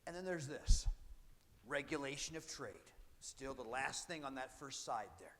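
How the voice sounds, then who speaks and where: A male history teacher gives a conversational classroom lecture in an animated, medium-pitched voice with a sharp tone, speaking a little slowly. He occasionally acts out historical speakers, doing British and colonist voices, and there's a long reverb tail.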